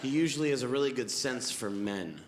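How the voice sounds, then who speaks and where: A man's voice: mid-range voice, expressive, fairly quick, background noise. A man in his twenties doing a stand-up set, telling stories with a wry tone and acting out what people said. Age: 20s. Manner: wry storytelling with acted-out quotes. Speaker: stand-up comedian. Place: comedy club stage with live audience. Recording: echoey club with audience laughter.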